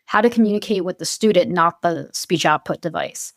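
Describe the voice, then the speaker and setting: A woman's voice: lowish voice, fairly quick, dry recording, clean studio sound. A woman researcher talking animatedly as a podcast guest, often acting out the voices she quotes. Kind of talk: conversational podcast interview.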